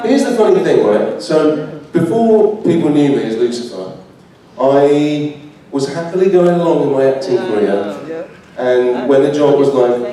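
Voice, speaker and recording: A man's voice: medium pitch, animated, moderate pace, dark tone. A British man, an actor answering fan questions at a convention panel, chatty and laughing often. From United Kingdom. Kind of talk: live panel Q&A. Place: large convention hall. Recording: echoey hall, mic from far.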